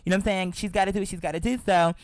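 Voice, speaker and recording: Talking straight to the listener, a chatty, sassy show host tells a story and keeps calling them "girl." Her mid-range voice stays steady and goes very fast, recorded dry and close with no room echo.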